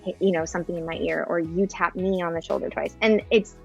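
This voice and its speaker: A woman's voice: on the low side, steady tone, fast, vocal fry, darkish tone, husky, dull audio, soft background music. A woman in her thirties, a mother talking on a podcast in a thoughtful way with many fillers and restarts. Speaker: podcast guest. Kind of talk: casual podcast chat.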